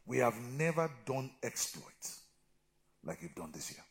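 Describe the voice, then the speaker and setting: A middle-aged man preaching a sermon as pastor, swinging from loud shouted exhortation to low, quiet talk and calling for amens from the congregation. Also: sing-song, a little slow, background noise. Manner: calls for amens and answers from the congregation.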